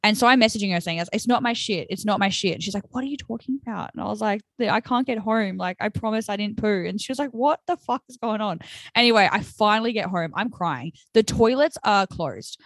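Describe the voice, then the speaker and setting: A young woman tells a story on her podcast in loose, animated chat. She swears freely and keeps dropping "like" and "right?" as she goes. Her voice sits at a middle pitch and sounds dry and close, with no room sound. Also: a little fast, dry recording. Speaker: podcast co-host.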